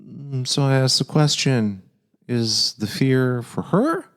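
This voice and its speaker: A man's voice: mid-range voice, lively intonation, takes it slowly. A middle-aged man hosting a casual podcast, giving earnest dad advice and often repeating his phrases.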